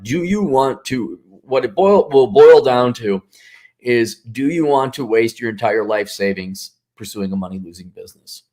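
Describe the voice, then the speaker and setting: A man's voice: fairly low pitch, a little mellow. A man talking bluntly and sarcastically in a casual monologue, rambling. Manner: sarcastic, acts out mock voices. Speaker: commentator.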